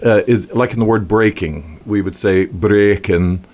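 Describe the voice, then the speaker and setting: A man who works as an actor and dialect coach, speaking in an interview with lively explanations and many fillers. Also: on the low side, a little slow. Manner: animated, laughs, hesitant fillers. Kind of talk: casual interview.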